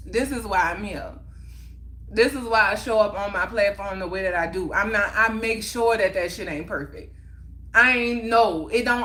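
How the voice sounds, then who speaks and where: Bright-voiced heartfelt woman livestreamer. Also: fairly high pitch. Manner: emphatic, heartfelt, repeats phrases for emphasis. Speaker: livestream host. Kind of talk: casual livestream chat.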